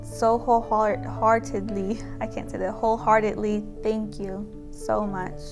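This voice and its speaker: A woman's voice: medium pitch, little pitch movement, measured pace, music in the background. A young woman telling her own story as a pregnancy center client, chatty and emotional, full of gratitude. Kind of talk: testimonial video.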